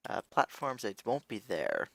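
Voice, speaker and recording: A man's voice: medium pitch, huge pitch swings, unhurried, vocal fry, a bit bright, no room sound. A young man giving casual, rambling let's-play commentary as a gaming video host, thinking aloud and restarting his sentences.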